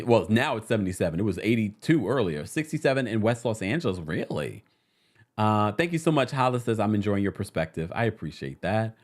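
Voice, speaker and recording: A man hosting a casual live-stream recap from New York City, chatting and reading viewer comments aloud with frequent laughs. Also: fairly low pitch.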